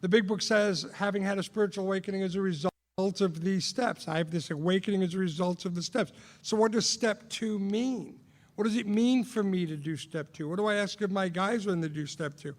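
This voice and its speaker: High-voiced man sharing in a reverberant hall. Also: fairly even intonation, a little fast. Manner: rhetorical questions, self-mocking, emphatic repetition. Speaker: AA sponsor sharing on the steps. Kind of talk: recovery talk, personal sharing.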